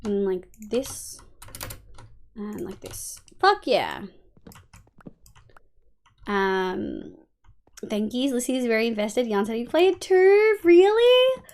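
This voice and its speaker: A woman's voice: medium pitch, sing-song, slow pace, creaky, pauses often. An Australian woman live-streaming a game, chatting casually with viewers, thinking aloud and swearing freely. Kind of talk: casual gameplay chat answering viewers.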